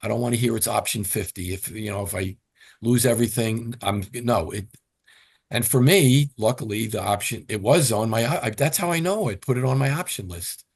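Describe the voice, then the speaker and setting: A man's voice: on the low side, normal speed, gravelly, breathy edge. An older man, a retired firefighter, talking casually as an interview guest and acting out quoted lines as he tells stories. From New York. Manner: animated storyteller, acts out quotes.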